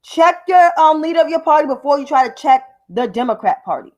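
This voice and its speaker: Fiery profane woman with a high voice. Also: expressive, fairly quick. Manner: profane, combative, repeats names for emphasis. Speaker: political commentary host. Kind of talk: livestream political commentary.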